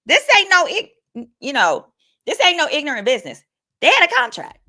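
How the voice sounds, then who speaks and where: Bright-voiced woman attorney livestreaming. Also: high voice, wildly swooping pitch, normal speed. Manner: candid, casual, reads viewer comments aloud. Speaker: attorney and host. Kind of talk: livestream legal commentary.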